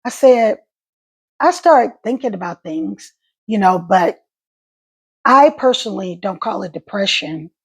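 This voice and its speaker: A middle-aged woman talking casually to camera about life after a stroke, in halting speech that repeats words, her voice catching and crackling. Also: mid-range voice, lively intonation, breathy edge. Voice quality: voice catches and crackles when emotional. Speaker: stroke survivor vlogger.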